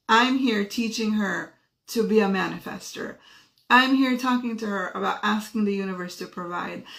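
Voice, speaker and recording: A woman in her thirties tells a personal story straight to the camera in an easygoing, lively way. Her voice has a gravelly, fried edge, and she jumps up high to act out other people's lines. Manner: animated, acts out quotes with shifting pitch. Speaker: host.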